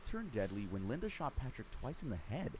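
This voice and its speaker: A man giving scripted true crime narration, lively storytelling with dry sarcastic asides. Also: medium pitch, fairly quick, noisy background.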